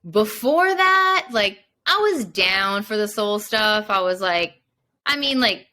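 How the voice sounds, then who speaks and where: A woman's voice: mid-range voice, takes it slowly. A young woman, a mindset coach guesting on a podcast, telling a personal story casually and peppering it with "like". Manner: chatty, many "like" fillers, animated retelling.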